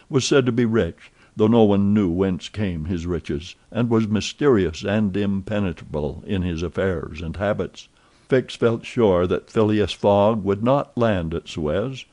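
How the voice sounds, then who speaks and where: Male audiobook narrator, mellow warm voice, even measured storytelling, scripted narration. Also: fairly low pitch.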